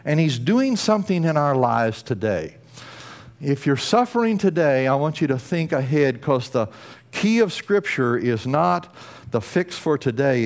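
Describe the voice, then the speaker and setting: A male pastor delivering a sermon in a church. His pitch sits in a middle register but swings widely, climbing high when he presses a point and sinking quiet and slow on the tender lines. The delivery is emphatic and earnest. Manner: emphatic, rising to bursts of intensity then dropping low and slow.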